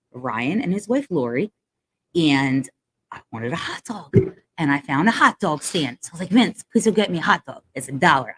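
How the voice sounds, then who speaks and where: A woman's voice: sits low, husky. Teasing woman podcast co-host. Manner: teasing, laughs often, swears casually. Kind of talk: casual sports podcast chat.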